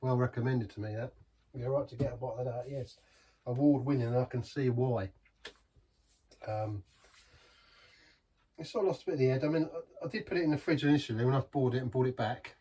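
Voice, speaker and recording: A man's voice: medium pitch, brisk, long pauses, warm tone, slightly rough, far from the mic. A man reviewing a beer in a chatty, rambling way, savouring each sip. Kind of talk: casual beer review vlog.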